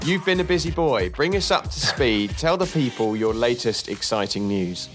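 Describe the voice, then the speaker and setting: A man's voice: medium pitch, lively intonation, normal speed, faint music behind. A middle-aged man hosting a podcast, chatting casually and rambling a little between topics. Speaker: podcast host.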